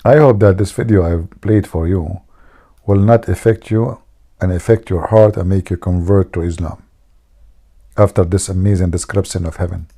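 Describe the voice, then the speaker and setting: A man's voice: deep voice, steady tone, moderate pace, warm tone. A man hosting a livestream, teasing his viewers and laughing at his own jokes. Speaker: livestream host. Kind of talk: joking livestream chat.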